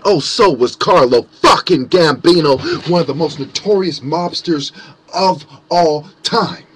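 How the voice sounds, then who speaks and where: A man ranting angrily to camera with heavy swearing and mocking sarcasm, his voice swinging between loud outbursts and low muttering. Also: animated, measured pace, breathy edge. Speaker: conspiracy vlogger. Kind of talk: angry profane rant to camera.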